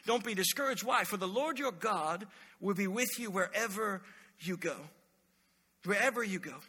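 Bright, high-voiced pastor preaching. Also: male voice, moderate pace, slightly rough, big-room sound. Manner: animated storytelling, acts out quoted voices. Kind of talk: sermon.

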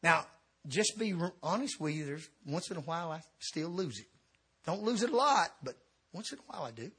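A middle-aged man, an evangelist, telling a comic story in a sermon, swinging between shouting and quiet confession. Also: on the high side, very animated, a little fast, husky. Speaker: evangelist preacher.

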